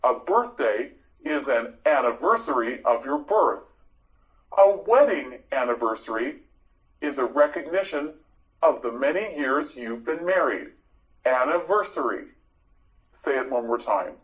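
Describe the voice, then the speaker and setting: A man teaching English vocabulary in a slow, repetitive drill, with clear, deliberate pronunciation. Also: medium pitch, lively intonation, rough recording.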